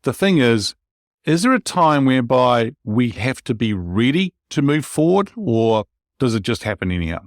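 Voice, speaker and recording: A man's voice: medium pitch, very animated, normal speed, dry recording. Dry-sounding enthusiastic podcast host man. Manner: enthusiastic, rambling, addresses listeners directly. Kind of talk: casual interview chat.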